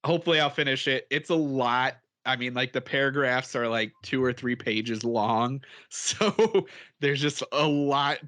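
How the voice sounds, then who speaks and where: A man with a bright, forceful voice chatting casually on a podcast. He rambles and chuckles often as he talks things through. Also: medium pitch. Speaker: podcast co-host. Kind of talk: casual chat.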